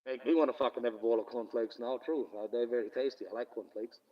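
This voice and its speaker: A man's voice: medium pitch, fairly even intonation, fast talker, far from the mic, dull audio. A man hosting a casual live stream into his phone, rambling, swearing freely and laughing often. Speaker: livestream host. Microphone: phone camera.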